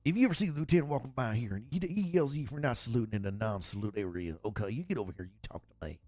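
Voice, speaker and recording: A man putting on the voice of a gruff, protective senior army sergeant, talking low and confiding. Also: expressive, rapid-fire, darkish tone, no room sound, faint music behind, lightly acted.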